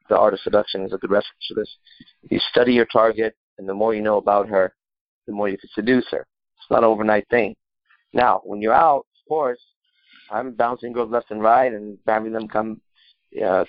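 A man's voice: on the low side, no echo, dull audio. Profane, emphatic male dating coach. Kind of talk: casual coaching talk.

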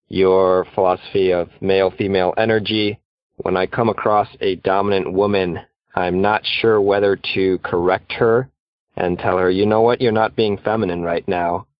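A man calling in to ask a question, hesitant and pausing often with fillers. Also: low-pitched, fairly even intonation, no room sound, highs cut off. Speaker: caller. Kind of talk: asking a question on a call-in show.

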